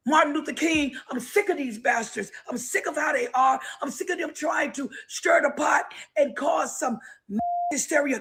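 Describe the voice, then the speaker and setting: A woman's voice: sits high, a bit bright, poor audio. A woman ranting bluntly and angrily in political commentary. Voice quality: angry, blunt, insulting. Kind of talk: angry political rant.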